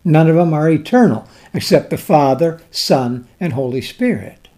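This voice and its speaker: A man preaching a sermon slowly and dramatically, reading scripture aloud in old-fashioned wording. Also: on the high side, expressive. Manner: slow, dramatic preaching with swells and drops in loudness.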